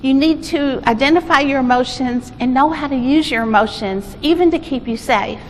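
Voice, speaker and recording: High-voiced woman presenting at a conference. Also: normal speed. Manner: informal, self-correcting, animated storyteller. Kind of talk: conference talk with storytelling. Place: conference hall. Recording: echoey hall with faint noise.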